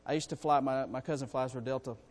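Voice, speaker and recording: A man preaching a sermon to his congregation, in a folksy, animated way with calls for amens. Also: medium pitch, fast. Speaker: pastor. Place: church sanctuary. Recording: long reverb in a church hall.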